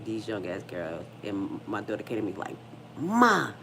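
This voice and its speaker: A middle-aged woman hosts a casual livestream and talks bluntly, with plenty of profanity. Her voice sits low, and she tells stories in an animated way. Faint noise hums underneath. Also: brisk. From United States. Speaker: livestream host.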